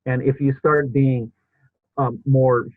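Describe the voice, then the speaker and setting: A man's voice: medium pitch, little pitch movement, slow, no room sound. A male podcast host in casual interview chat, rambling with many restarts and fillers. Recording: husky voice over a tinny phone-like line.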